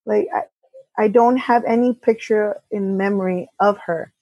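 A woman's voice: mid-range voice, fairly even intonation, darkish tone, dry recording, muffled recording. Candid woman telling a personal story. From California. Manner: candid, halting with restarts, quotes others in dialogue. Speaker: auto repair shop co-owner, guest. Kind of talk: conversational storytelling.

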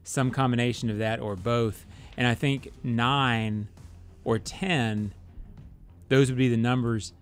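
A man co-hosting a sports talk show, breaking down roster questions in a measured, analytical way. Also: medium pitch, fairly even intonation, soft background music. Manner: measured, analytical, thinks aloud with fillers. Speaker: sports radio co-host.

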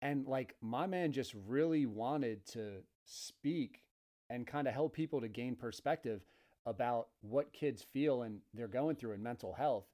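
A man's voice: medium pitch, unhurried, mellow. A man hosting a podcast, chatting in a laid-back way and calling his guest dude. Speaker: podcast host. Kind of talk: casual chat.

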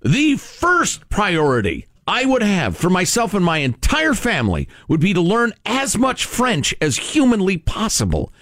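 Sarcastic talk radio co-host with a wildly swinging voice. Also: male voice, sits high, huge pitch swings, a little slow, few pauses, a bit bright, no echo, clean studio sound. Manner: sarcastic, mock-outraged, emphatic.

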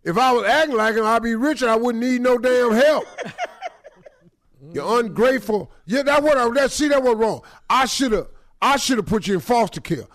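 A man's voice: very high-pitched, lively intonation, normal speed, fairly bright tone. A man acting a stubborn, grumpy older father who cusses bluntly and guilt-trips his grown daughter in a comedy sketch. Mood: scolding. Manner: blunt, cussing, dramatic self-pity.

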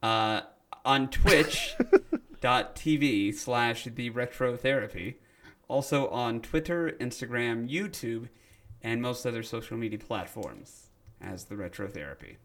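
A man's voice: mid-range voice, unhurried, fairly bright tone. A man guesting on a casual podcast, talking thoughtfully and rambling a little. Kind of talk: casual chat.

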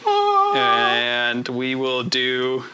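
A man's voice: medium pitch, wildly swooping pitch, drawn-out words, bright, forceful tone, a little hiss or hum. A man playing a tabletop game, playful and laughing as he declares his moves. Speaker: player. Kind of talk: casual chat at a tabletop game.

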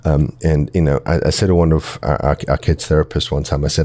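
A man co-hosting a casual podcast chat, quick-witted and teasing in his banter. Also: extremely low pitch, flat delivery, darkish tone, no room sound. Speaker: co-host.

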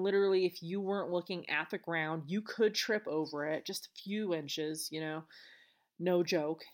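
A woman hosting a podcast, retelling events alone in a chatty, earnest way with casual asides. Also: on the low side. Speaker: podcast host. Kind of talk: solo podcast storytelling.

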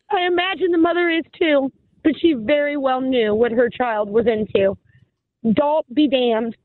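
A woman's voice: high-pitched, no echo. A woman calling in to a talk radio show, tearful and impassioned as she rambles through her grief. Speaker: caller. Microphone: telephone. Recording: tinny phone line.

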